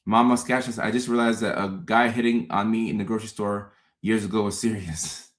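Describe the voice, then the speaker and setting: A man hosts a casual livestream, speaking to viewers in an animated way with a fairly low pitch and a brisk pace. He often repeats words and acts out his own thoughts.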